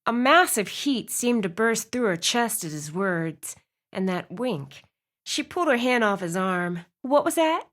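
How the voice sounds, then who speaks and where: A woman's voice: medium pitch, animated, a little slow, a bit bright. Woman narrating a romance audiobook. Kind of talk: scripted narration.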